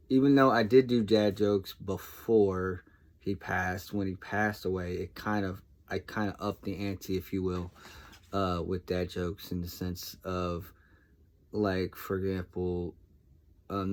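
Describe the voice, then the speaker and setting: A man talking casually and reflectively to camera, soft-spoken and hesitant, with many pauses and restarts. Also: fairly low pitch. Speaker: vlogger.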